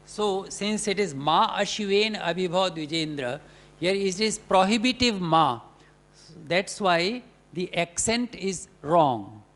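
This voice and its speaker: A man with an Indian English accent giving an academic lecture on Sanskrit texts, explaining deliberately with many hesitations. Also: sits high, expressive, a bit bright.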